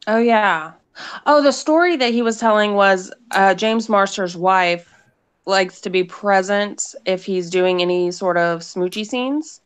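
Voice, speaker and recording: A woman's voice: medium pitch, clean tone. A woman chatting casually on a podcast, hesitant and laughing easily. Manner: slow, hesitant, laughs often. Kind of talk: casual chat.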